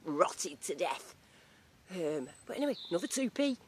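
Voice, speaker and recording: A woman's voice: fairly low pitch, sing-song, moderate pace, slight background noise. A woman with a strong regional English accent, chatting casually and jokily with lots of slang while metal detecting outdoors. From England. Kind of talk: casual outdoor vlog narration. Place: outdoors in a field.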